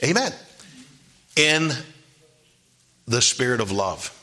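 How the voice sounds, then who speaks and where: A man preaching a sermon as pastor, emphatic and repetitive, often asking the congregation "Amen?" and reading scripture slowly. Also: mid-range voice, very animated, sharp tone. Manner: emphatic preaching, frequent call-and-response "Amen?", repeats key phrases; reads scripture slowly and deliberately.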